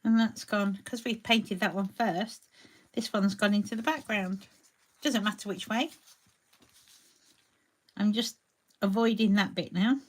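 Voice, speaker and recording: Greeting viewers by name, a woman paints and chats through a live crafting tutorial. Her pitch is medium and her pace measured, broken up by long pauses.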